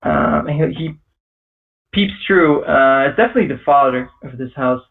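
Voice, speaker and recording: Hesitant game master with a distant mic. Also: male voice, fairly high pitch, moderate pace, gravelly, narrow, tinny audio. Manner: hesitant, filler-heavy, laughs often. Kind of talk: narrating a tabletop game.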